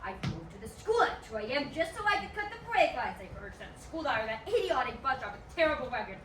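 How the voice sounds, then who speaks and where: An actress playing a spiteful scheming rival coach who rants through a vengeful confession in a live stage play. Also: female voice, sits high, very animated, fast. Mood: ranting. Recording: echoey theatre from far, noise.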